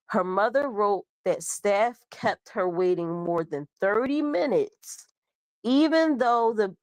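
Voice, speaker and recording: A woman's voice: medium pitch, no echo. A young woman host with a cold, stuffed up, casually reading out a news story and stumbling over words. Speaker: show host.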